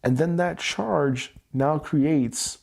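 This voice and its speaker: A man hosting a tapping livestream, speaking slowly and candidly about his past feelings in a personal, reflective way. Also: fairly high pitch, vocal fry, a little mellow. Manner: slow, candid, searching self-reflection. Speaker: EFT tapping livestream host. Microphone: livestream mic.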